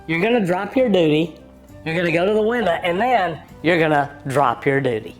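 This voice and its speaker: A woman's voice: on the low side, a little fast, faint music behind. A woman narrating a plumbing history video, shifting from scripted narration into jokey, conversational asides. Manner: jokey and conversational, very lively intonation. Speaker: narrator of a plumbing education channel.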